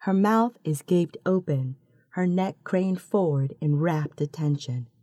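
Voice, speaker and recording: A woman narrating a second-person story in a slow, calm and intimate manner. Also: sits low, dry recording, studio quality.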